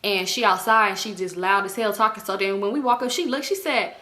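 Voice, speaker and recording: A woman vlogger telling a story in a casual, animated way, laughing, swearing and acting out the people in it. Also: medium pitch, brisk, few pauses. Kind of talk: storytime vlog.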